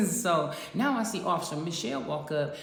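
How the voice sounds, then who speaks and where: A woman's voice: low voice, normal speed. Woman telling a wild story, cussing and laughing a lot, big echoey room. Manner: profane, animated, laughing storyteller. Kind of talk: casual storytelling to camera. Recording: echoey roomy sound with long reverb.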